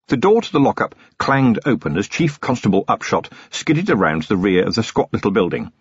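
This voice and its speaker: A man narrating a novel as an audiobook, in an expressive, characterful storytelling way. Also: fairly low pitch, brisk, breathy edge, dry recording. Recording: dull lo-fi close-miked recording.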